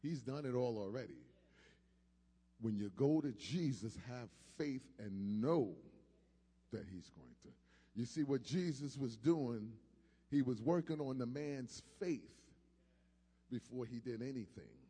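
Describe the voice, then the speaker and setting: A male preacher giving a call-and-response sermon that swings from quiet to shouting. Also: medium pitch, expressive, measured pace, long pauses, slightly rough, long reverb tail.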